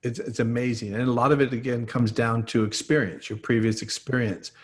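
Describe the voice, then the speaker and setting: A man's voice: mid-range voice, fairly even intonation, brisk. A man, an expert guest on a podcast, explaining trauma through everyday examples. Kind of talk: explanatory interview talk.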